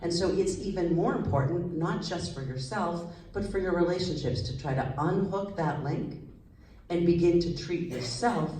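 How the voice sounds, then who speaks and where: A woman psychologist giving a lively, conversational stage talk to an audience, asking them questions as she goes. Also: low voice, slight background noise. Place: large hall with audience. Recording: echoey hall, voice slightly distant.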